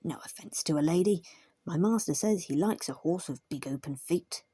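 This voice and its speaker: A woman voicing a cheerful, chatty male terrier blacksmith in a storybook reading, brisk and merry. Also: low-pitched, warm tone, slightly rough, no room sound.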